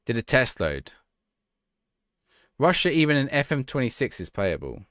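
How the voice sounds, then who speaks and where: A man's voice: mid-range voice, sing-song, moderate pace, a bit bright, no room sound, clean studio sound. A man streaming a football management game live, reacting to the action and chatting with his viewers.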